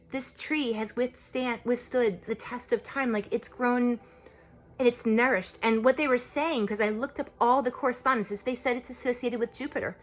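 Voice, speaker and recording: A woman's voice: a little high, moderate pace. A woman talks straight to her viewers in a loose, wandering way, padding her sentences with "like" and "you know." Her words run on with feeling as she shares her spiritual practice. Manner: rambling, emotional, heavy use of "like" and "you know". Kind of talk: casual spiritual vlog talk.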